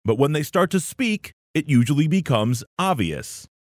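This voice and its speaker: A man from Metro Detroit with a Michigan accent, hosting a news podcast in scripted narration with an expressive delivery. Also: fairly high pitch, normal speed, no echo, studio quality. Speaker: podcast host.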